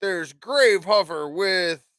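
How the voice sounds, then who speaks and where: A man with a high, bright voice talks loosely on his livestream show, swearing freely and jumping between voices for the people in his stories. The sound is dry and close, with no room around it. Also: lively intonation, slow pace, no room sound. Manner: profane, rambling, acts out dialogue. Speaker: podcast host. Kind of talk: casual livestream chat.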